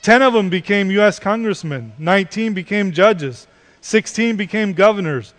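High-voiced preacher in a reverberant hall. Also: male voice, normal speed, fairly bright tone. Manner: preaching, rising to emphatic repeated questions. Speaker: pastor. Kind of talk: sermon. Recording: long reverb of a large hall.

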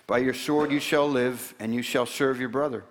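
A man reading the lines of an elderly father giving a solemn blessing, slow and measured, with long hall reverb. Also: medium pitch, fairly even intonation, close to an everyday voice.

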